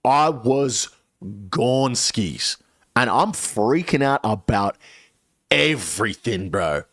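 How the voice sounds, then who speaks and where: A young man spins a story on stream, with his pitch swooping up and down as he swears his way through it. The sound is dry and close, with no room around his voice. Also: takes it slowly, no room sound. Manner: animated, swears a lot. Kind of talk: casual storytelling.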